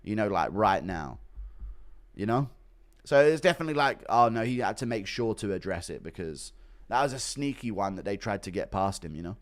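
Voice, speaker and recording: A man's voice: fairly low pitch, lively intonation, brisk. Blunt, rambling male streamer. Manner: blunt, swears often, rambling with many fillers. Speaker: streamer reacting to MMA news. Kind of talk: casual livestream commentary reading donations.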